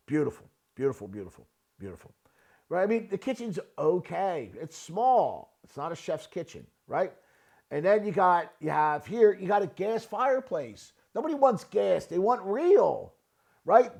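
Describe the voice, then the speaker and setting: Blunt builder type, high gravelly male voice, repeats "right?" as he critiques. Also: darkish tone. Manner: blunt, repetitive, asks "right?" often. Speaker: real estate builder reviewing a listing. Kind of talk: casual screen-share commentary.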